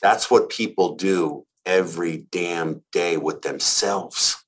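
A man's voice: deep voice, takes it slowly. A man giving a profane, emphatic motivational talk as a podcast guest.

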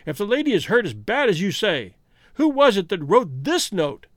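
A man voicing a brash, grieving American outlaw who talks loud and defiant, with an American accent. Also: high-pitched, very animated, moderate pace, dry recording, clean studio sound, pitched above the performer's own voice.

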